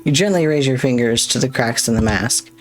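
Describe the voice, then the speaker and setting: A gamer lends a voice to a masked game playwright who only tells tragic endings, speaking with courtly, theatrical politeness and a quiet melancholy underneath. The pitch sits in the middle, and soft game music hums far behind. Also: fairly quick, close to an everyday voice. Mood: wistful.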